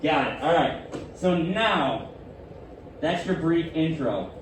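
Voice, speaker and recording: Male teacher, lively up-and-down delivery, slightly higher voice, distant mic in roomy classroom. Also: slow pace, music in the background. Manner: animated, questioning students. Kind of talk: classroom lesson.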